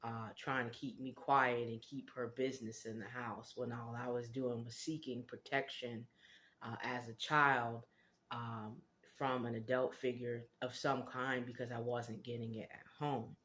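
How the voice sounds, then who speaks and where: A woman from Connecticut, hosting her own channel, telling a personal story in an earnest, reflective way with frequent filler pauses. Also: a bass voice, level tone, a bit bright. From Connecticut, United States. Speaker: channel host.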